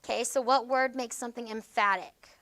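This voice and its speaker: A woman's voice: fairly high pitch, steady tone, fairly quick, fairly bright tone. A woman teacher leading a classroom grammar lesson, patient and explanatory, often checking in with "okay?".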